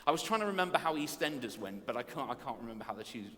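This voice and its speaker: A man's voice: medium pitch, racing. Playful male preacher in a reverberant church. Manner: animated, self-mocking, storytelling. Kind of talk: playful family service talk. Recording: long reverb of a church hall.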